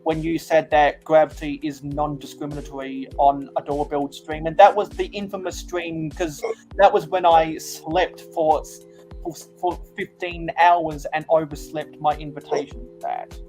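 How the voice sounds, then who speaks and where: Fairly high-voiced man hosting a stream. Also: fairly even intonation, normal speed, a little mellow, soft background music. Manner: agreeable, repeats himself. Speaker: livestream host. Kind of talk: casual livestream chat.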